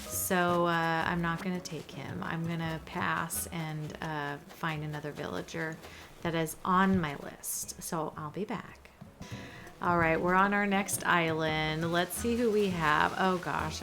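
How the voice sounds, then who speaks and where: A woman chatting casually as she plays through a video game, trailing into soft asides. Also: on the low side. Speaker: gaming video host.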